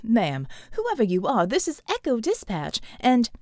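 A woman's voice: fairly high pitch, wildly swooping pitch, a little slow, a little mellow, no room sound, clean studio sound. A woman voicing a polite, flustered young Southern male dispatcher in an audiobook. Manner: stammering, polite. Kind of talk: audiobook character voice.

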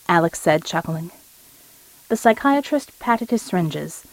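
A woman reading an audiobook story in a steady, measured narration. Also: fairly low pitch, dry recording, poor audio.

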